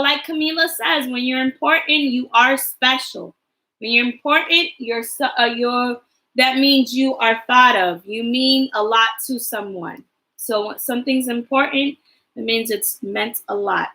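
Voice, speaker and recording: Upbeat woman teacher with gravelly brightness. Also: high-pitched, low-quality recording. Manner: encouraging, spells words slowly for children to repeat. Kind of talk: livestreamed kindergarten lesson.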